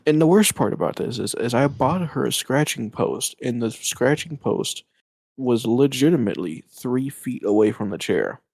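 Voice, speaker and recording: A man's voice: mid-range voice, expressive, normal speed, darkish tone, breathy edge, no room sound. A man co-hosting and editing a casual podcast, rambling and cursing freely over a home mic on a voice call. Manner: profane, rambling, trails off and restarts. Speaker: podcast co-host and editor.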